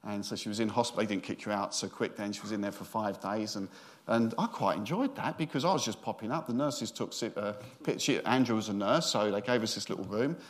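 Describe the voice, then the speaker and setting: A man's voice: on the low side, quick pace. A middle-aged man, a senior minister giving a sermon in a chatty, joking storytelling way.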